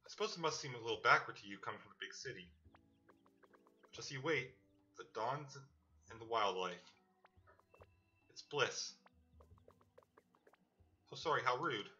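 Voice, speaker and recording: A man's voice: mid-range voice, lively intonation, moderate pace, long pauses, bright, forceful tone. A man doing a bubbly, gushing young woman. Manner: gushing, enthusiastic. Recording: slightly muffled with game music.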